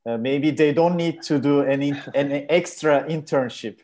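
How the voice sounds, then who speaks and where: A man's voice: a little high, normal speed, a little mellow. A man education consultant asking questions in an online session, hesitant with fillers. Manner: hesitant, non-native English with fillers.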